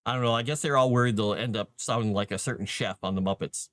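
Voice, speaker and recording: A man's voice: fairly low pitch, quick pace, fairly bright tone, dry recording, clean studio sound. A man chatting casually on his livestream, rambling with many fillers and restarts as he talks about running tabletop games. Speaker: livestream host and game master.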